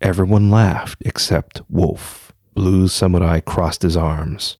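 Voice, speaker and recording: A man reads a scripted story in a measured, even manner. His voice is very low with a gravelly fry. The recording is close and dry. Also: dry recording.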